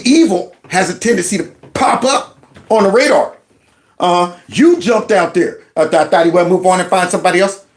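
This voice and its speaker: A middle-aged man, ranting and mocking as he comments on political clips. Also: sits high. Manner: heated, mocking, mimics voices.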